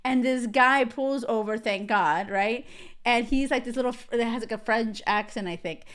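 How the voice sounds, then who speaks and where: A woman in her thirties hosting a podcast, telling a story in an animated way with frequent laughter. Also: a little high, normal speed. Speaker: podcast host. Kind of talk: casual chat.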